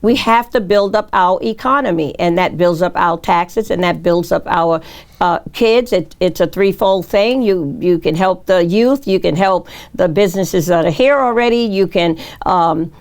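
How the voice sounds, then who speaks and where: Halting woman candidate at a forum. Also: on the low side. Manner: halting, many fillers and restarts. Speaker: mayoral candidate.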